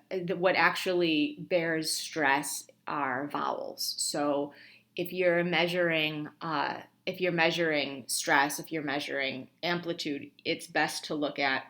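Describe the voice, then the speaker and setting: Low-voiced woman instructor, unhurried and hesitant. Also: a bit bright. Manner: hesitant, many ums and restarts; informal explaining to students. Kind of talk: screen-recorded lab walkthrough.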